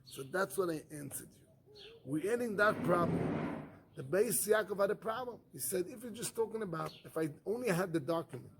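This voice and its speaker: A man's voice: sits high, normal speed, background noise. A man, a rabbi, giving a Talmud study class in non-native English, asking rhetorical questions and answering them himself. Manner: animated, acts out the arguments in first person.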